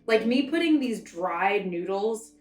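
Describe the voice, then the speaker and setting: A woman's voice: medium pitch, animated, a little slow, soft background music. A young woman from the American South, chatting and rambling while she cooks for her vlog. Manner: rambling, chatty, self-interrupting. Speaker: cooking vlogger. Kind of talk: casual cooking vlog chat. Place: home kitchen. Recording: echoey kitchen, mic far off.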